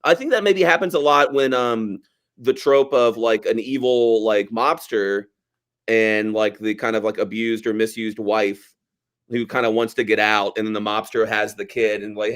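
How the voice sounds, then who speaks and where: A man's voice: lowish voice, steady tone, normal speed, a bit bright. A man co-hosting a movie podcast, chatting casually and loosely, with lots of fillers. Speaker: podcast co-host. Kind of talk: casual chat about a movie.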